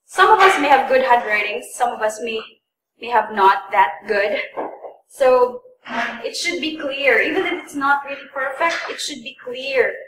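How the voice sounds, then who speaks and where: A woman's voice: high-pitched, expressive, normal speed, a bit bright, a little hiss or hum. A woman tutor giving a classroom lesson, patiently repeating and stressing words for learners. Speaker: English test tutor. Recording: echoey room, voice from a distance.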